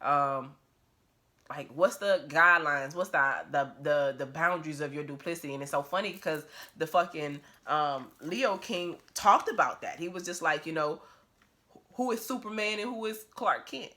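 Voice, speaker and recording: A woman's voice: sits low, moderate pace, pushed and bright. A woman talking to her phone camera at home in a casual vlog, blunt, profane and emphatic, laughing often. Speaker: vlogger.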